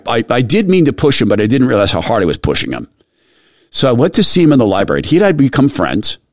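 Lively male radio host telling a story. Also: medium pitch, dry recording, clean studio sound. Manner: animated retelling with repeated restarts. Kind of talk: storytelling monologue.

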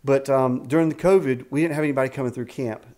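A man in his fifties tells stories at a middle pitch. He is animated and keeps restarting his sentences, and his talk is full of faith. He sounds like a ministry leader chatting in a casual interview. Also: fast. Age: 50s. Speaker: executive director of a ministry camp. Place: a house at a rural camp.

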